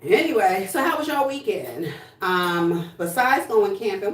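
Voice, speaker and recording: Blunt, sassy woman livestreaming, mid-pitched, standing back from the mic in an echoey room. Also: big pitch swings, unhurried, far from the mic, a little hiss or hum. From New Jersey. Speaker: livestream host. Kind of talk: casual livestream chat. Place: home room, indoors.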